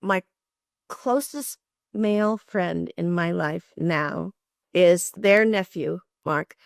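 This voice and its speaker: An older woman telling lively, expressive stories as an interview guest, often laughing. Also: lowish voice, takes it slowly, creaky, no echo, clean studio sound. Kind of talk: animated storytelling.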